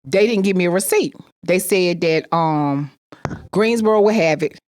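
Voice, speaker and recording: A woman's voice: lowish voice, moderate pace, darkish tone. A woman telling a personal story with emphatic repetition, acting out the people she quotes. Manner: emphatic, repeats phrases, acts out quoted voices.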